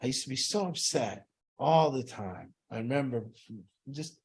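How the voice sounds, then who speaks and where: An earnest man talks through an addiction recovery group session, his voice at an ordinary middle pitch. He speaks reflectively to a small group in a room. He slips into the inner voices he describes. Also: animated, normal speed, gravelly.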